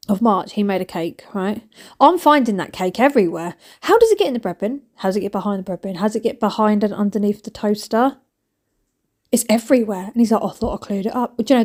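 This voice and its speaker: A woman's voice: medium pitch, darkish tone. A woman in her thirties, chatting casually and mocking herself with rambling asides while she cleans her home. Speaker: cleaning vlogger.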